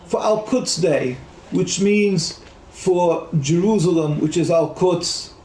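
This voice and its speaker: A man who is a rabbi giving a speech in a measured, prayerful manner. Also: on the high side, darkish tone, roomy sound, rough recording. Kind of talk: speech at an online rally.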